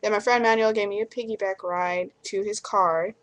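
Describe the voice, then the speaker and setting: A woman's voice: medium pitch, fairly even intonation, moderate pace. A woman in her twenties telling a rambling story to camera in a vlog, with many restarts. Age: 20s. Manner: chatty, acts out what others said. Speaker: vlogger.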